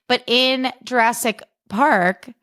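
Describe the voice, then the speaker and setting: A young woman hosting a casual solo podcast, chatty and animated, poking fun at herself. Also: fairly high pitch, slow pace. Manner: chatty, animated, self-deprecating, jumps into funny voices. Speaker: podcast host.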